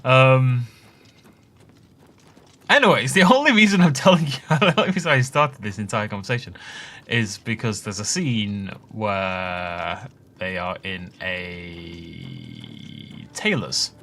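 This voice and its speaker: A man's voice: on the low side, big pitch swings, takes it slowly, creaky, pushed and bright, a little hiss or hum. A young adult man hosting a let's play, chatting casually and rambling off on tangents while he plays. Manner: chatty, rambling asides with laughs. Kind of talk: casual gameplay commentary.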